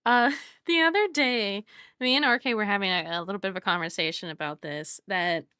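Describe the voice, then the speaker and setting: A woman's voice: mid-range voice, a little fast, sharp tone, clear, resonant tone, dry recording, studio quality. A woman from the Southern United States, chatting casually while she draws on a live stream. She rambles and often laughs. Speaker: art streamer.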